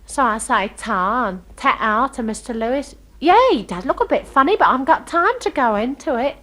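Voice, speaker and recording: A woman's voice: fairly high pitch, very animated, normal speed, fairly bright tone. An actress playing a chatty, starry-eyed young working-class girl from London, telling a comic story with gossipy, ungrammatical speech. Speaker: comic monologue performer. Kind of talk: comic character monologue.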